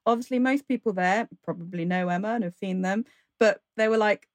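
A woman's voice: mid-range voice, a little fast, dry recording. A woman joins a podcast as a guest and chats eagerly, acting out the characters' inner thoughts. Her voice sounds dry and close to the mic. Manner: enthusiastic, acts out characters' thoughts. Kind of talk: casual chat about a TV adaptation.

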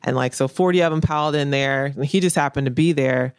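A woman's voice: rumbling low, fairly quick, clean tone, dry recording, studio quality. A woman painter in a casual interview, speaking bluntly and repeating her main points for emphasis. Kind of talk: candid casual interview talk.

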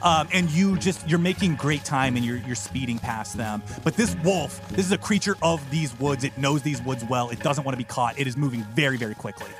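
A man narrating as game master of a comedic tabletop role-playing podcast, lively and playful. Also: fairly quick, hardly any pauses, over music. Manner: animated, jumps into high silly voices for side characters.

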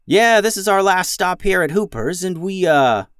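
A man's voice: sits high, moderate pace, clear, resonant tone, no room sound, studio quality, pitched above the performer's own voice. A man voicing a scatterbrained young man who rambles and trips over his words. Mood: rambling. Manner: rambling, hesitant, excitable.

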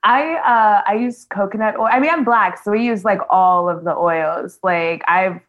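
A woman's voice: mid-range voice, highs cut off. A woman guesting on a podcast, chatting playfully and laughing often. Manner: playful, laughing, quick-witted. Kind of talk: casual comedic chat.

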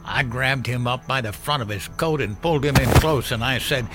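An actor playing a gruff older war veteran father who tells a grim story in a blunt, profane way. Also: mid-range voice, normal speed, a bit bright, soft background music, natural voice. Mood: grim recollection. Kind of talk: audio drama storytelling.

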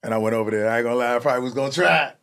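This is a man from Chicago, a comedian guest on a podcast, telling personal stories in a casual, profane style. He has an ordinary middle-pitched voice. He slips into the voices of the people he quotes. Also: rapid-fire, vocal fry, fairly bright tone, smooth. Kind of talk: casual storytelling chat.

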